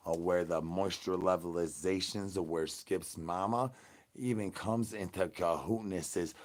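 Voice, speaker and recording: Crude male zombie, drawl, rambling nonsense rhymes, lowish voice, played by a man. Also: darkish tone. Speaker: comedy channel host. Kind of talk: improvised comedy rant.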